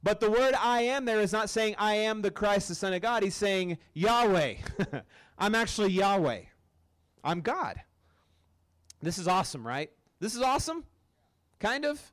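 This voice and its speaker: A man's voice: high-pitched, lively intonation, normal speed, a bit bright, smooth. A man preaching to a campus group in a casual, joking way, often checking in with the room. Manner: casual, joking, keeps asking the crowd "right?". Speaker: campus ministry speaker. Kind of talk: sermon.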